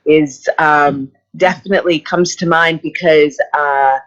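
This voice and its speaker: A woman's voice: deep voice, measured pace. Woman in her fifties, casual interview chat, eager and gushing, dull lo-fi sound. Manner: excited, gushing storyteller. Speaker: actress guest. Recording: slightly muffled audio.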